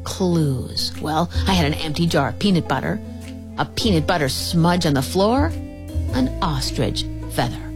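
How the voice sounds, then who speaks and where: A woman reading a children's detective story aloud, lively and playful, lightly voicing the characters. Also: deep voice, a little slow. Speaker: narrator of a children's mystery story. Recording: music playing under the reading.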